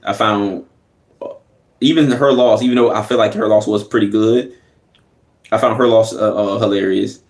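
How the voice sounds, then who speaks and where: A man's voice: fairly low pitch, steady tone, moderate pace, long pauses. Laughing, slangy man reacting. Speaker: reaction video host. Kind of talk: casual reaction commentary. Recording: echoey room.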